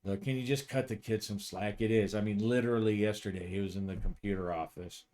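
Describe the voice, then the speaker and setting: A man voicing a weary male veteran police officer who talks in a flat, blunt, tired way, in a solo tabletop game. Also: a little fast, natural voice. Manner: flat, tired, low-key.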